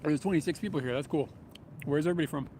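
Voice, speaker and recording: Here the streamer's voice sits on the high side and races along very fast. Walking outdoors in a city near the tracks, he casually chats and reads viewer comments, relaxed, meandering and chuckling often, with vehicles and trains audible over his small camera-mounted mic.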